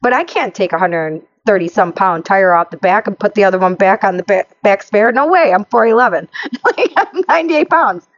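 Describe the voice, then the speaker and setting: A woman's voice: mid-range voice, normal speed, dry recording, highs cut off. A woman co-hosting a casual chat show, telling road stories with lots of laughter. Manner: lively storyteller, laughs often. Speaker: podcast co-host.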